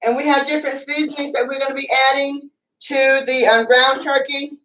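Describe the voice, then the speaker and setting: A high-voiced woman talks through a home cooking demonstration in a loose, chatty way, pausing often on filler words. She stands some distance from the mic, and her voice rings around an echoey kitchen. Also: little pitch movement, fairly bright tone, slight background noise. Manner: chatty, rambling, many fillers. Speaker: cooking show host. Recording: echoey room, away from the mic.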